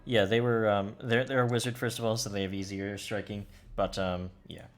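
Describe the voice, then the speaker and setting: A man with a somewhat low voice runs a tabletop game as game master. He narrates combat and rulings casually and hunts for words as he goes. Faint music plays underneath. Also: fairly even intonation, normal speed. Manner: loose and searching for words, with many fillers. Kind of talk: running a tabletop game, describing rules and combat.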